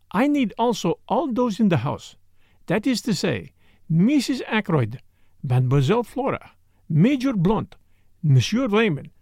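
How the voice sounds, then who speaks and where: A man's voice: high voice, vocal fry, a little mellow, no echo, clean studio sound, heavily acted. A man voicing a sly, courteous foreign detective who speaks formally and blandly.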